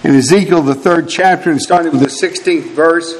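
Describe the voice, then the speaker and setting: A man's voice: on the high side, brisk, hardly any pauses. An older man preaching a fiery sermon, emphatic and full of rhetorical questions aimed at his brethren. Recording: long hall reverb.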